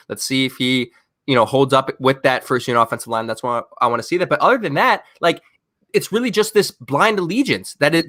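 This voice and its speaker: A man co-hosting a podcast, ranting in an animated, exasperated way during casual chat. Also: medium pitch, no echo, studio quality. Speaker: podcast co-host.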